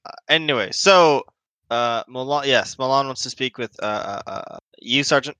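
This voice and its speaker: A man narrating a tabletop horror game as game master, halting often with fillers as he describes scenes. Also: mid-range voice, sharp tone, clear, resonant tone, dry recording. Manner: hesitant, halting with many fillers.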